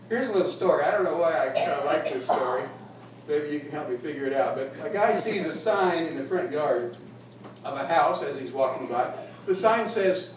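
A man's voice: fairly high pitch, animated, moderate pace. A male pastor preaching a folksy, humorous sermon, heard from a distance in an echoey room with faint noise. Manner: folksy, humorous, laughs at own jokes.

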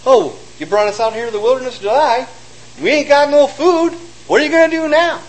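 A man's voice: very high-pitched, fairly quick, a little hiss or hum, voice pushed up, poor audio. A man voicing a panicking crowd of fleeing Israelites, whiny and frantic in complaint. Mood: complaining.

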